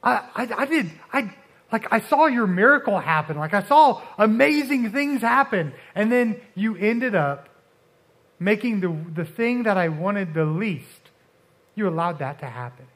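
A man preaching a casual, conversational sermon, often restarting and dropping suddenly soft for emphasis. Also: high-pitched, animated, a little slow. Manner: conversational, uses filler like and restarts, dramatic drops to soft.

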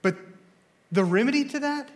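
Delivering a church sermon as a student pastor, this young man is excitable and full of energy, frequently tripping on words and saying them twice. His pitch is extremely high, and his speed is normal.

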